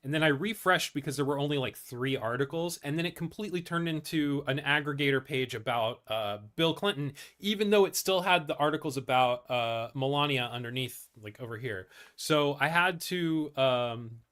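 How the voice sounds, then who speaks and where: Man, news commentary host, casual reading of articles, blunt, swears, fillers, bright tone. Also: a little high, normal speed, hardly any pauses. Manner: blunt and profane, many fillers and restarts.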